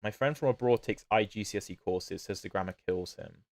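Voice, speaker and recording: Man, British accent, chess livestream chatter, lowish voice, dry close sound. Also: a little fast, no room sound. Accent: British, not fully standard. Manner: chatty, answers chat questions while playing. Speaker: chess streamer. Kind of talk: casual livestream commentary.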